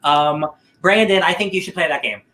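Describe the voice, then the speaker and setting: A man chatting casually on a podcast, his voice sitting a little on the high side. He rambles along upbeat, circling back with fillers and restarts as he talks. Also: moderate pace, bright, forceful tone. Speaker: podcast co-host.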